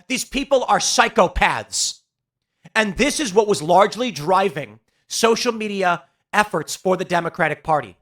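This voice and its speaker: A man's voice: high-pitched, bright, forceful tone. A man hosting a political commentary show, talking in an emphatic, sarcastic ranting way. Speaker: host.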